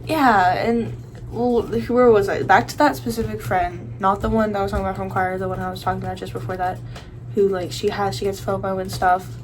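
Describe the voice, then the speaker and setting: A woman's voice: mid-range voice, fairly even intonation, fairly quick, soft background music, rough recording. Rambling young woman venting. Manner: rambling, full of likes and restarts. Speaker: vlogger. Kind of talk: casual rant to camera.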